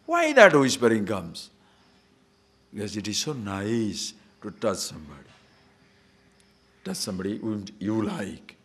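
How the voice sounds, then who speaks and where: Man, swami, spiritual discourse, very animated intonation, rhetorical questions, slow verse chanting. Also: on the low side, slightly rough. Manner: lively, teasing rhetorical questions; chants short scripture verses slowly. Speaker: swami teaching scripture. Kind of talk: spiritual discourse to a live audience.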